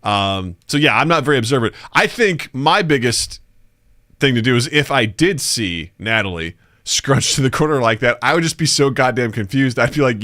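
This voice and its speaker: Forties male podcast co-host, bright tone, animated storyteller. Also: mid-range voice, normal speed, no echo, clean studio sound. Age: 40s. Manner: animated storyteller who acts out quotes loudly and laughs often. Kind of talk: casual chat, storytelling.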